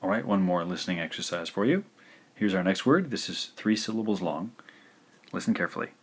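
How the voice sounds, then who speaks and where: Man, lowish voice, recorded lesson, careful slow drills, filler words. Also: animated, slightly rough. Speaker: language teacher.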